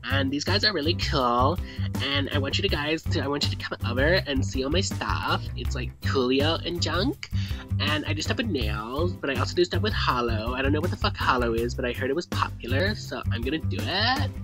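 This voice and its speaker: A man's voice: medium pitch, lively intonation, a little fast, close to an everyday voice. A man voicing a ditzy, scatterbrained young woman YouTuber who rambles in a valley-girl drawl, with music playing behind.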